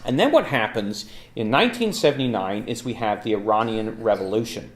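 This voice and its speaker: A man talking through history in a loose, conversational lecture, full of fillers. His pitch moves about a lot and his voice rings in a roomy hall. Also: expressive, fairly quick. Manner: casual, chatty, frequent ums and uhs. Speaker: Bible talk speaker.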